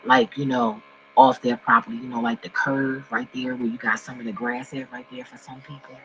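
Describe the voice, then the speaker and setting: A man vents to his viewers in a casual, profane rant, jumping from loud outbursts to muttered asides. His voice sits at a middling pitch. The recording is dull and lo-fi, with a faint mains hum underneath. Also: animated, brisk, creaky. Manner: profane, swings between loud outbursts and low mumbling. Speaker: vlogger.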